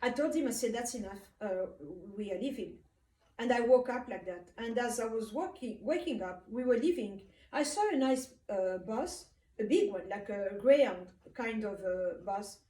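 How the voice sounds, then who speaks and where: A woman from Africa tells a dream as personal testimony. Her voice sits high and mellow, and she pauses often with small fillers. She is heard from a distance in a room with noticeable echo. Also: expressive. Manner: unhurried, hesitant, frequent uh fillers. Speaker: speaker recounting a dream. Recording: roomy, distant from the mic.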